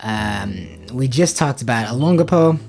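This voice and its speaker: A man's voice: medium pitch, lively intonation, a little slow, gravelly, darkish tone, soft background music. A man recapping a family trip to the camera in a casual, rambling way, full of fillers and exasperated asides. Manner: rambling, filler-heavy storytelling with lots of "like" and "dude"; ranting and exasperated. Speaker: vlogger.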